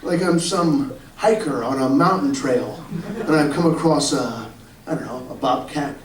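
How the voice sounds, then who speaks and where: A man in his forties telling a profane comic story on stage, breaking into shouts. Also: medium pitch, a little slow, recorded from a distance. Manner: animated, shouting bursts, profane. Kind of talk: live comedy storytelling. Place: comedy club stage with live audience. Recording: roomy live club recording with crowd. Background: audience laughter.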